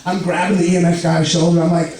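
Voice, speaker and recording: A young man with a lisp telling an animated stand-up comedy story on a club stage, jumping into loud, high outbursts. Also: quick pace. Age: young adult. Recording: echoey club, far mic, laughing crowd. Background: audience laughter.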